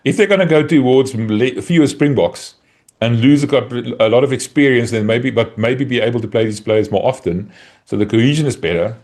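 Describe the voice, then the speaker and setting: A man's voice: medium pitch, a little fast, a little mellow. A man hosting a casual rugby podcast, asking questions and cracking jokes. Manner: joking, teasing, asks questions. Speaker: podcast host.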